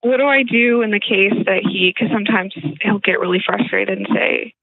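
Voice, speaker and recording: A woman's voice: medium pitch, normal speed, creaky. A woman calling in for advice, speaking hesitantly and restarting her sentences. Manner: hesitant, many fillers and restarts. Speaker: caller. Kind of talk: phone-in conversation. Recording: tinny phone line.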